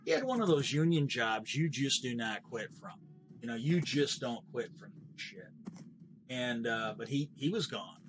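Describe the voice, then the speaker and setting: A man's voice: medium pitch, expressive, moderate pace, noisy background. A middle-aged man streaming a game, telling a long story in a bitter, profane, rambling way with frequent restarts. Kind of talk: casual ranting storytelling while gaming.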